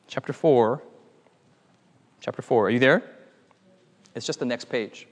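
A man preaching a lively sermon, telling a playful story and calling on the audience for amens. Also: medium pitch, a little slow, big-room sound. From United States.

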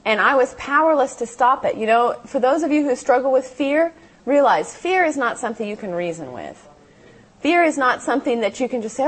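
A woman's voice: a little high, lively intonation, a little fast, husky. A woman telling her life story to a seated audience in a meeting hall, earnest and heartfelt, acting out the voices in her memories. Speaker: motivational speaker. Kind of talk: testimony talk to a live audience.

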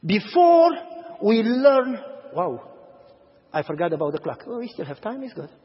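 Guy pastor preaching in a church, voice way up high, echoey hall, kinda dull sound. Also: moderate pace. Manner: animated storytelling, acting out dialogue. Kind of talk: sermon. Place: church sanctuary.

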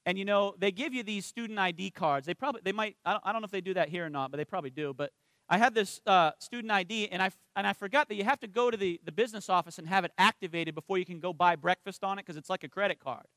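With no echo at all, a high, bright-voiced minister preaches conversationally, mixing personal stories into his sermon. He asks the congregation to answer back with an "amen" from time to time. His spiritual points arrive softly, as he slows down and lowers his voice.

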